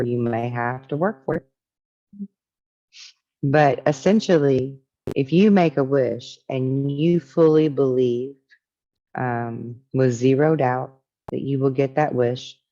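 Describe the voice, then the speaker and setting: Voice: medium pitch, fairly even intonation, takes it slowly, mellow, lo-fi sound. A spiritual teacher talking casually and reflectively, reading from a book and musing on its ideas.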